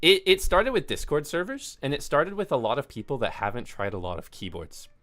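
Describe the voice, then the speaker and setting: A man's voice: a little high, animated, a little fast, bright, forceful tone. A man hosting a keyboard vlog, ranting in an exasperated, sarcastic way and apologizing between outbursts. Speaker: keyboard video host.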